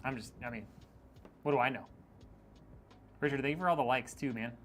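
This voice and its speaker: A man's voice: medium pitch, fairly quick, a bit bright, slight background noise. A man streaming a PC build, chatting casually and reading viewer comments aloud with a joking, teasing manner and frequent laughs.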